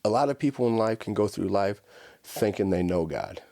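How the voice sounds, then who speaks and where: Man, very low voice, casual storyteller, dry close sound. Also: moderate pace, no room sound. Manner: casual, animated storytelling with frequent "right?" and "like". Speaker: podcast guest. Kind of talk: conversational storytelling.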